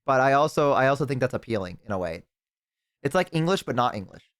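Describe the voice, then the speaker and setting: A man's voice: medium pitch, expressive, fast talker, smooth, dry recording, studio quality. Rambling, foul-mouthed male streamer. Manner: rambling, swears freely, talks to chat. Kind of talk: casual live-stream chat.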